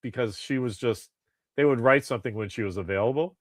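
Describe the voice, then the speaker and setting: A man co-hosting a podcast in casual chat, chatty and animated. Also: medium pitch, a little fast, no room sound, studio quality. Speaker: podcast co-host.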